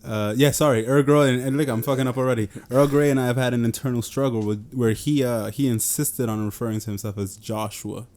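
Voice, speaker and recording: A man's voice: mid-range voice, fairly even intonation, fairly quick, few pauses, a little mellow. Joking, profane man co-hosting a podcast. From New York. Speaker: podcast co-host. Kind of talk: casual chat.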